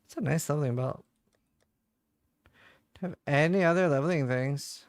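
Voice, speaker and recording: A man streaming a video game, commenting casually and excitedly, interrupting himself as he finds items. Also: fairly high pitch, moderate pace, no room sound, clean studio sound. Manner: excitable, self-interrupting, swears. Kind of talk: casual live gameplay commentary.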